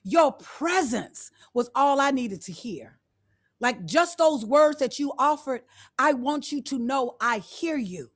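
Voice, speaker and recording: A woman's voice: high voice, expressive, slow. A woman speaking as a guest on a video call, giving students an affirming motivational talk and repeating her phrases.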